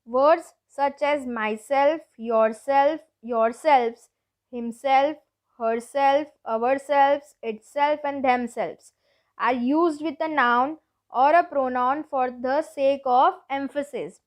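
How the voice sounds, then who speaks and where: A woman teacher giving a grammar lesson to schoolchildren, explaining each rule slowly and patiently, with lots of repetition. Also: high voice, fairly even intonation. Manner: slow, deliberate, repeats each rule patiently.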